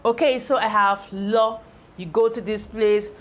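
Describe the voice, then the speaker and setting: Using a medium-pitched, steady voice, an English teacher works through a phonics lesson at the board, building words syllable by syllable. Each sound is stretched slowly and deliberately, and she regularly checks that learners are keeping pace.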